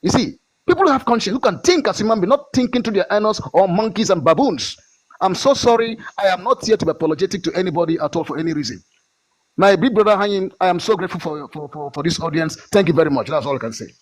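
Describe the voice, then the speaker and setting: A man's voice: high-pitched, expressive, fast, rough recording. A Nigerian man giving an impassioned political speech as a guest, fiery and insistent, often repeating and stumbling over words. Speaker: guest speaker.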